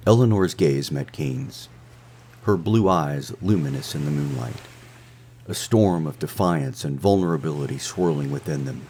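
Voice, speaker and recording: A man narrating a scripted romance adventure story in a measured, dramatic way. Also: extremely low pitch, dark tone, a little hiss or hum. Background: faint music.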